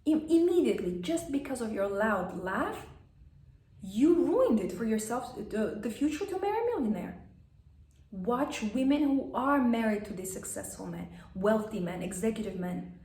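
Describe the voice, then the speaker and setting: A woman's voice: fairly high pitch, sing-song, moderate pace, darkish tone, roomy sound, distant mic. A woman coaching etiquette in a plain instructive way, stating blunt rules and acting out examples. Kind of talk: advice vlog lesson.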